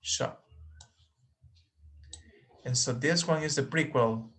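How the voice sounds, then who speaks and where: A man leads an online English lesson at an unhurried pace. His voice sits at an everyday middle pitch, and he patiently repeats words so the students can follow. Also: a bit bright. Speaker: English teacher. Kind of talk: online class instruction.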